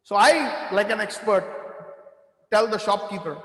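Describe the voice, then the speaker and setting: A man giving a devotional talk, telling lively anecdotes with quoted dialogue. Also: high-pitched, measured pace. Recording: echoey hall with long reverb.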